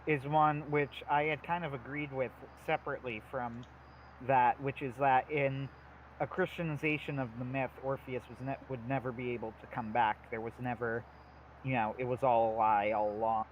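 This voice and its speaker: A man's voice: medium pitch, steady tone, normal speed, lo-fi sound, a little hiss or hum. A man co-hosting a livestream in casual chat, telling stories animatedly with many fillers. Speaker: livestream co-host.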